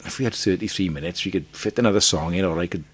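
A Welsh singer, a man, chatting as a podcast guest and telling animated stories, often repeating words as he starts a sentence. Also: low voice, fast talker, breathy edge. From Wales. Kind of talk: casual chat.

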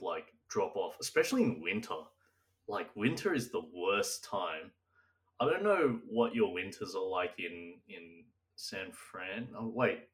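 A man's voice: deep voice, a bit bright, distant mic. A young man co-hosting a casual chat, rambling and laughing often, sometimes slipping into silly old-timey voices. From Australia. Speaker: podcast co-host.

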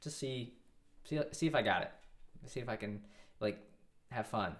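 This guest is a man in his twenties with a mid-range voice and a normal pace. Spinning out a lengthy tale in a relaxed interview, he wanders, keeps starting over, and slips in quoted lines from others.

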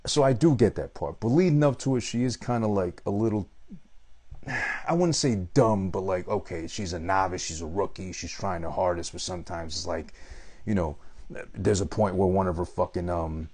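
Low husky guy ranting casually about a film, swears a ton, rambly. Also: moderate pace, darkish tone. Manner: crude, rambling, profane. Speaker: movie reviewer. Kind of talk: casual monologue.

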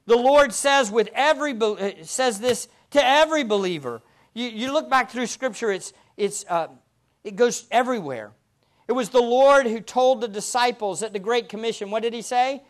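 A man preaching a sermon as pastor, earnest and slowing down to stress quoted verses, often asking the listeners rhetorical questions. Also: very high voice, expressive, fairly bright tone. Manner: asks the congregation rhetorical questions.

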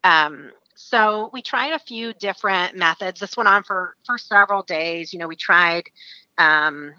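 A woman from Alaska, a guest, telling a story in a casual, animated way with many fillers and frequent laughter. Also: lowish voice, a little slow, no echo, muffled recording.

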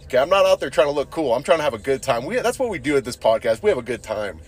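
A young man rambles through a crude story in a mid-pitched voice, cursing freely and tossing in "dude" at every turn. His talk is loose, with plenty of asides. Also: very animated, rapid-fire. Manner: rambling, crude, swears a lot, says dude constantly. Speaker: podcast host. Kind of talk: casual profane storytelling.

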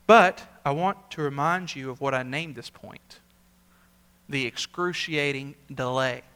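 Bright-voiced preaching man. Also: medium pitch, a little slow, smooth. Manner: earnest preaching, rising to emphatic peaks and dropping to quiet asides; repeats words for emphasis. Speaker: senior pastor. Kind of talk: sermon.

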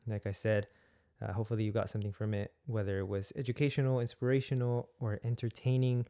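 A man's voice: lowish voice, flat delivery, fast talker, mellow. Playful male podcast host. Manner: playful, joking, laughs often. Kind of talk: casual podcast chat.

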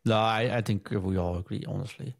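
A man hosting a casual podcast chat, leading the segments in a relaxed, chatty way. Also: fairly low pitch, fairly quick, creaky. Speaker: podcast host.

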